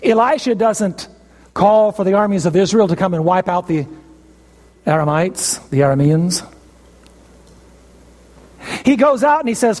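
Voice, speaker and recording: A man preaching a sermon, telling a story emphatically with dramatic pauses. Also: high-pitched, lively intonation, darkish tone, long reverb tail.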